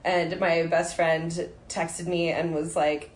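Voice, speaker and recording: A woman's voice: fairly low pitch, fairly quick, hardly any pauses, roomy sound, slight background noise. A woman co-hosting a podcast in casual chat, self-deprecating and joking, with some swearing. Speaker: podcast co-host.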